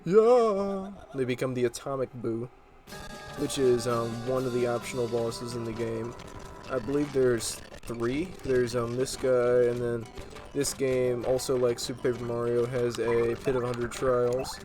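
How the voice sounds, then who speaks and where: A man giving laid-back gameplay commentary in a mid-pitched voice, pausing often with fillers. Clear video game music plays under his talk. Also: low-quality recording. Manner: relaxed, rambling with many fillers. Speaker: let's play host.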